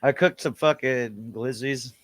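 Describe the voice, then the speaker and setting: A man's voice: mid-range voice, unhurried, dry recording. A man co-hosting a casual talk show, rambling and swearing freely as he tells stories. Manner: crude, rambling, swears often. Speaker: podcast co-host. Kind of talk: casual chat.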